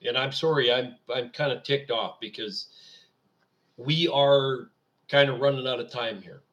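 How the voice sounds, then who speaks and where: A man's voice: medium pitch, fairly even intonation, measured pace, a bit bright, highs cut off. A man hosting his own show, from Canada, giving an indignant, sarcastic political rant. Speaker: radio show host. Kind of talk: political commentary monologue.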